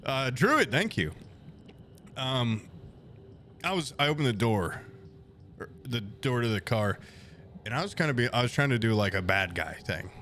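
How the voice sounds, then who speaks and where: Animated swearing streamer man telling a story. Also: mid-range voice, normal speed, pauses often, slight background noise. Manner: animated, profane, rambling anecdote with quoted voices. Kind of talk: casual storytelling to chat.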